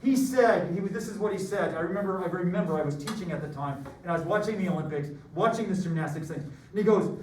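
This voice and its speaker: A man's voice: high voice, fast, hardly any pauses. A middle-aged man teaching a math class, joking and rambling through stories. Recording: echoey room from far off, faint noise.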